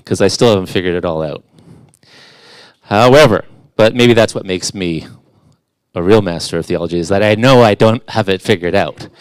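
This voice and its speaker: A man's voice: sits low, smooth, no echo. A middle-aged man preaching a conversational sermon as a guest in church, casual and self-deprecating, with playful asides.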